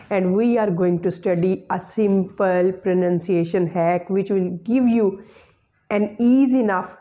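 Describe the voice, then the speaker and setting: A woman teaching English pronunciation, addressing her audience formally and repeating each example word slowly. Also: mid-range voice, warm tone. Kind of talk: spoken English lesson.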